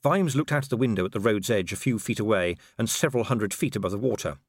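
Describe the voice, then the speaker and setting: A man's voice: fairly low pitch, expressive, fast, husky, dry recording, clean studio sound. A man narrating an audiobook of a comic fantasy novel in a wry storytelling manner. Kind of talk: scripted narration.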